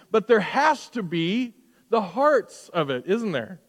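A middle-aged man preaching a sermon as pastor, talking conversationally with rhetorical questions and moving between loud emphasis and hushed asides. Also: sits high, animated, measured pace. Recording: long hall reverb.

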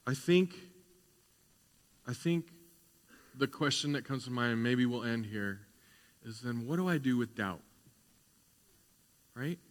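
A man's voice: medium pitch, unhurried, pauses often, in a large hall. A man preaching a sermon as pastor, conversational at times and building to fervent emphasis.

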